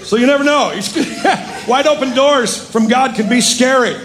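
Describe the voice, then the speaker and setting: Animated, gravelly-voiced male pastor preaching. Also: high voice, normal speed, background noise. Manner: animated, jokey storytelling with quoted voices. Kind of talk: sermon with storytelling.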